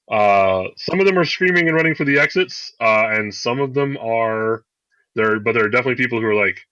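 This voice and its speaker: Bright-voiced man running a tabletop game. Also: mid-range voice. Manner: loose, rambling narration full of "like" and "um". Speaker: game master. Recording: dull, lo-fi podcast audio.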